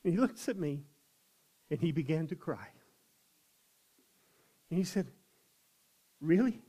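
A man's voice: fairly high pitch, lively intonation, measured pace, warm tone, slightly rough. An older man and chaplain telling personal faith stories in a folksy way, often acting out what other people said. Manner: folksy, acts out others' quoted words. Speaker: chaplain and evangelist. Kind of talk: personal testimony storytelling.

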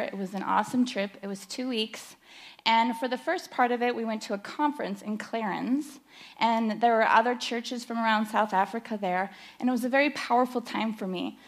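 A middle-aged woman giving a personal testimony at church, nervous and emotional, halting with fillers. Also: on the high side. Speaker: church speaker sharing testimony.

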